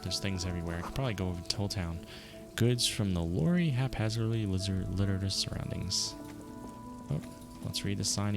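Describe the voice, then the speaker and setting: A man's voice: low voice, vocal fry. A man streaming a live game playthrough, reading the on-screen text aloud with wry, chatty asides.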